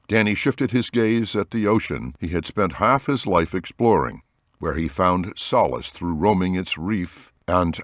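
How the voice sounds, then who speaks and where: A man narrating an audiobook with expressive storytelling. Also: low-pitched, dry recording, clean studio sound.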